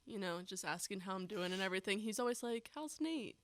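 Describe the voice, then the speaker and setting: A young woman co-hosting a podcast, talking casually in a relaxed, hesitant way with "um" and "like". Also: mid-range voice, quick pace, no echo. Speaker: podcast co-host. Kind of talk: casual chat.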